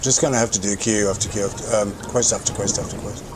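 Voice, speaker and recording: Relaxed, low-voiced male game streamer. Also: fast, very noisy. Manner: relaxed, rambling, swears casually. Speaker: gaming livestreamer. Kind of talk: casual gameplay commentary.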